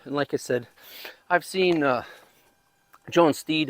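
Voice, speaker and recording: A man's voice: fairly high pitch, takes it slowly, fairly bright tone. A man hosting a home gardening channel, chatting in a rambling, casual way as he works outdoors in his backyard garden. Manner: rambling, chatty, talks while digging. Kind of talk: casual chat.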